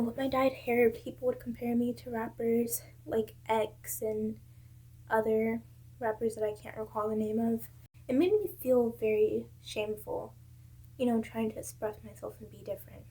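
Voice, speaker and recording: A woman's voice: fairly high pitch, warm tone, husky. A young woman from South Carolina, a vlogger talking to her camera, giving candid and earnest advice from her own life. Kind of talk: casual advice talk to camera.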